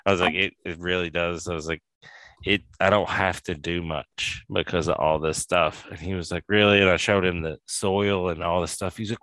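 A man's voice: deep voice, steady tone, a little fast, a bit bright, no room sound. A man hosting a podcast, chatting casually in a laid-back, rambling way. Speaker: podcast host. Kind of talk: casual chat.

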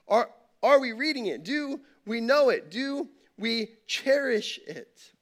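Male pastor, light high voice, conversational sermon delivery with rhetorical questions. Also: lively intonation, slow pace, a bit bright. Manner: conversational preaching, tells a joke with rhetorical questions. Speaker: campus pastor.

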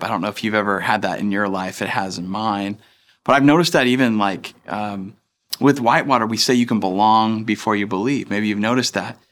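A man's voice: mid-range voice, a bit bright. A man in his thirties preaching a sermon as pastor, in a casual, chatty way that acts out the people he quotes.

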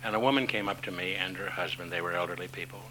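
A man's voice: low-pitched, quick pace, bright, forceful tone. An older man telling a rambling anecdote on a panel, with restarts and chuckles. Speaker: panel guest. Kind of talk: anecdotal storytelling. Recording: noisy live panel recording.

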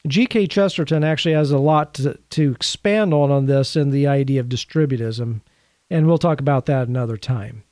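A man's voice: medium pitch, moderate pace, a little mellow, dry recording. A man presenting a Catholic teaching series, speaking in an earnest, conversational way with dryly sarcastic asides. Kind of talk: teaching talk to camera.

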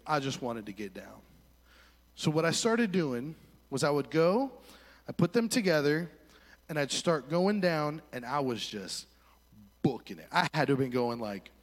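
Animated man telling a sermon story. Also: medium pitch. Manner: animated storytelling with voiced quotes. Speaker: pastor. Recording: long hall reverb.

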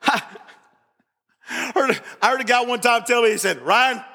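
High, bright-voiced preacher in a big hall. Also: male voice, moderate pace. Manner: animated preaching with jokes and quoted voices. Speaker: pastor. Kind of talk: sermon. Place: church.

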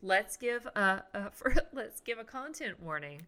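A woman co-hosting a podcast in casual chat, reacting with quick interjections. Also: mid-range voice, animated, sharp tone. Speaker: podcast co-host.

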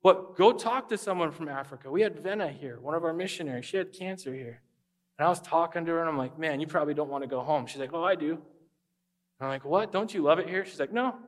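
A man preaching a conversational sermon as pastor, animated and acting out quoted voices. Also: on the high side, quick pace.

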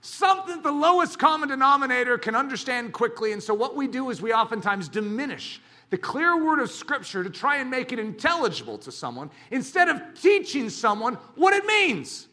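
A man preaching a sermon as a pastor, talking in an animated, dramatic way with bursts of shouting. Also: very high voice, brisk, hardly any pauses.

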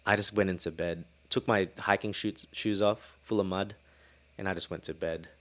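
A man hosting a solo podcast, telling a story in a casual, animated way and swearing freely. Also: sits low, moderate pace. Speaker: podcast host.

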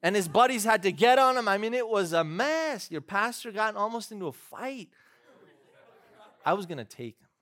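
A man's voice: sits high, lively intonation, fairly quick, hardly any pauses, fairly bright tone. A man, a pastor, preaching a sermon in a church, moving from conversational storytelling to fervent, emphatic preaching.

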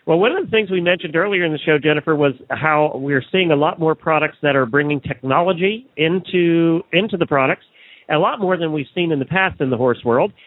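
A man's voice: on the high side, a little fast, dry recording. Chatty man hosting radio, phone-like sound. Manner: chatty, joking, fillers like uh. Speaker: radio show host. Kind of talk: live trade-show interview and ad read.

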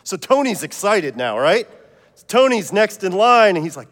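Pastor guy telling a joke in his sermon, chatty, slightly high voice, big church echo. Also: big pitch swings, moderate pace, a bit bright. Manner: joking, conversational storytelling.

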